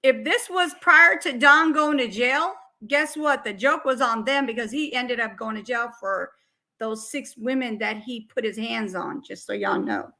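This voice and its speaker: A woman's voice: fairly high pitch, unhurried, pushed and bright. A woman giving casual reaction commentary on a played call recording, blunt and incredulous.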